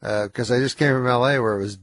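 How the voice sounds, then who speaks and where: A man guesting as a comedian on a radio show, talking in a low, nasal, slightly slurred and breathless way with a dry, halting delivery. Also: dry recording. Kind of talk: casual radio interview. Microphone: studio microphone.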